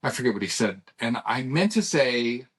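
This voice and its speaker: A man's voice: medium pitch, big pitch swings, moderate pace, slightly rough. A middle-aged man co-hosting a podcast, chatting casually and telling rambling stories with restarts and acted-out dialogue. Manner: rambling storyteller who restarts and acts out dialogue. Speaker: podcast co-host. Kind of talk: casual chat.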